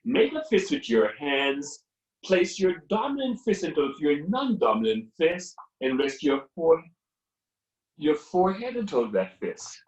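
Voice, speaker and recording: A man teaching a live online yoga class, giving calm guiding cues to his students. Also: a little high, measured pace, lo-fi sound. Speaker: yoga instructor. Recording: echoey room from far off.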